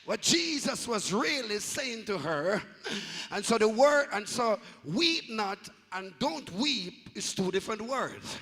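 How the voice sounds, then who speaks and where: Male Pentecostal preacher, bright and gravelly, slow and deliberate, chanting and shouting his sermon. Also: high voice, animated, long reverb tail. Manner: shouted, sing-song preaching cadence that drops to hushed asides. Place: church sanctuary.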